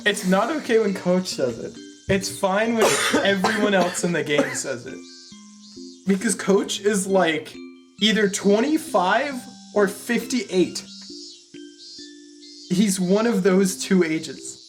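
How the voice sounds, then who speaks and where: A man's voice: high voice, slow pace, faint music behind. A man co-hosting a game playthrough, bantering casually with crude, meandering jokes.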